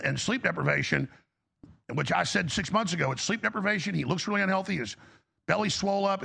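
A man's voice: high voice, gravelly, bright, forceful tone, slightly rough. A man hosting a talk show, giving a heated, emphatic political commentary monologue with frequent restarts.

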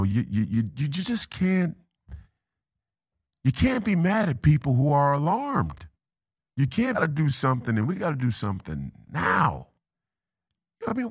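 A man from Minnesota with a creaky, mid-range voice hosts a political talk show. His commentary monologue rambles, with repeated and restarted words and drifts into tangents, and the recording has no echo.

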